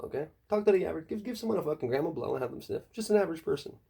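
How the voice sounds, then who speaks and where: A man with a gravelly, husky voice delivers a rambling comedic monologue. His talk is profane and conspiratorial, and it leaps high when he lands an emphatic point. His tone sits low and mellow in between those jumps. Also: lively intonation, very fast, hardly any pauses.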